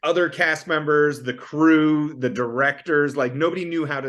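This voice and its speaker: A man's voice: on the high side, moderate pace, few pauses, a bit bright. A man, an actor from Canada, chatting as a guest on a podcast over a video call, joking and self-deprecating. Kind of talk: casual chat.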